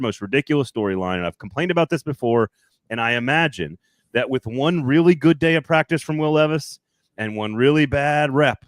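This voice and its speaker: A male sports podcast host talks in a chatty, rambling way, doubling back and restarting his sentences. His middle-pitched voice sits close to a dry, close mic. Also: no room sound. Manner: chatty, rambling, self-correcting. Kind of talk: casual sports talk.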